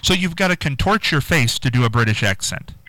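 A man's voice: mid-range voice, expressive, a little fast, bright, forceful tone, dry recording. A man hosting a morning call-in radio show, talking in a playful, chatty way. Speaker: radio host. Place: radio studio.

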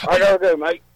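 A man's voice: sits high, dry recording. A man calling into a radio show, putting on a jokey mock British accent as a pub-going Cockney type. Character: cheeky male Cockney-style pub regular. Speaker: caller. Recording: phone line.

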